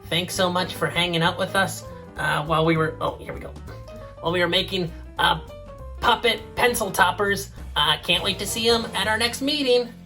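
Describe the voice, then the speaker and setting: A man's voice: high-pitched, normal speed, bright, forceful tone, faint music behind. A man art teacher talking children through a clay craft, step by step. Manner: friendly, step-by-step instruction.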